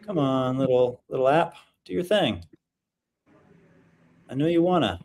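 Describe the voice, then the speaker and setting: A man's voice: mid-range voice, expressive, a little slow, long pauses. Guy in his 30s hosting a video-call showcase, chatty and rambly, lots of ums, bit of hiss behind him. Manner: upbeat, rambling, filler-heavy. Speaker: livestream showcase host. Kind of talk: casual online livestream hosting.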